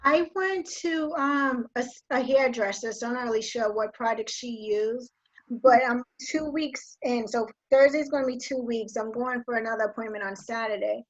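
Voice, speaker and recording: A woman caller giving a measured, slightly hesitant rundown of her hair situation. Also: a little high, lo-fi sound. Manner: measured, explanatory, a bit hesitant. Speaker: caller asking for hair advice. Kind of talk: casual video call chat.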